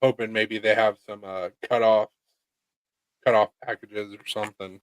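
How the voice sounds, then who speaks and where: A man talking casually as a streamer, muttering relaxed asides while browsing. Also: on the low side, moderate pace, no echo. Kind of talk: casual chat.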